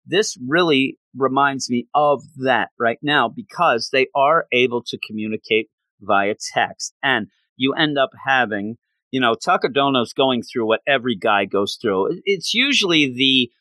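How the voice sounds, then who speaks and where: A man casually and excitedly recapping a story chapter by chapter, chatty and gushing. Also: medium pitch, measured pace, no room sound. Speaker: manga reviewer.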